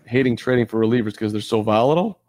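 A man's voice: mid-range voice, very fast, darkish tone. A man from Chicago co-hosting a podcast in casual sports chat, joking and rambling through asides. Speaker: podcast co-host.

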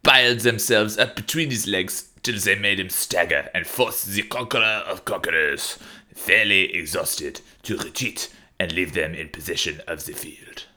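Man putting on a jokey French accent for a dramatic quote, deep and bright. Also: normal speed, few pauses. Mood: mock grandiose.

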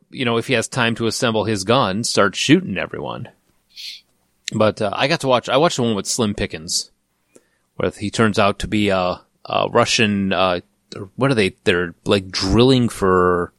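A man's voice: on the low side, measured pace, fairly bright tone, no room sound, studio quality. A man chatting casually as a podcast host, rambling into stories and laughing often. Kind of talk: casual chat.

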